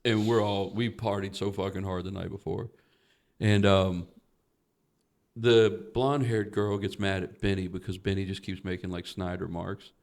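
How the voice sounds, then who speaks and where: A man's voice: low-pitched, flat delivery, moderate pace, a little mellow. A man who is a podcast guest tells a comic story in a rambling, profane way and laughs often.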